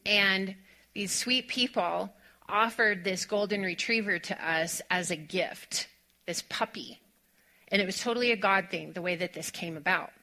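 A woman pastor preaching a sermon in a church, telling a personal story in an animated way. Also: mid-range voice. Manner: animated storytelling, laughing often, fast-talking asides. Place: church sanctuary.

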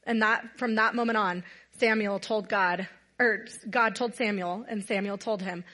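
A woman's voice: mid-range voice, steady tone, a little slow, sharp tone. A woman giving a casual, earnest sermon to a gathered audience, telling a Bible story conversationally. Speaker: women's night speaker.

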